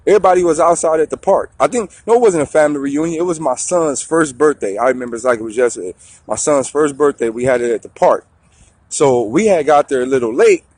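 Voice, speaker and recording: A man telling a story in a profane, slangy, animated way on a talk show. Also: fairly high pitch, no room sound.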